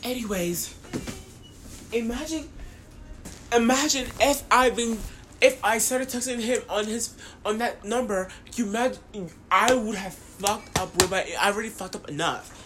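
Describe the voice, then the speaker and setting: A young woman co-hosting a podcast, telling a story in casual chat with animated, profane ranting. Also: on the high side, measured pace, noisy background. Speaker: podcast co-host.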